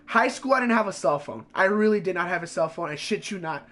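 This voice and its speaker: A man's voice: sits high, lively intonation, fast talker, a bit bright. A man streaming from home, telling a profane, heated story in a casual way.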